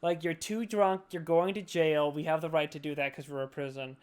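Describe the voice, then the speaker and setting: Rambling tipsy young man, clear voice. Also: on the high side, steady tone, brisk, a little mellow. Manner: rambling, profane, slurry. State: drunk. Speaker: podcast host. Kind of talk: casual drunk chat.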